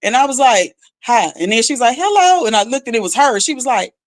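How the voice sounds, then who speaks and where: Speaking quickly in a slightly high voice, a female rapper shares a story on someone's podcast. She performs other people's lines with lots of energy and drops "like" constantly.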